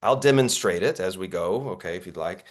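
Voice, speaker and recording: A man's voice: deep voice, lively intonation, a little fast. A man coaching actors in an online workshop, telling stories in an earnest, reflective way over a video call. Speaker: acting coach.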